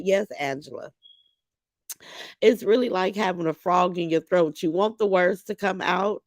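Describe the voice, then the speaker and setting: A woman's voice: mid-range voice, vocal fry, no room sound. A middle-aged woman hosting a livestream, reading viewer comments aloud and reminiscing with emotion about her late son. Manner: emotional, reminiscing, warmly addresses viewers as "y'all". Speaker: livestream host.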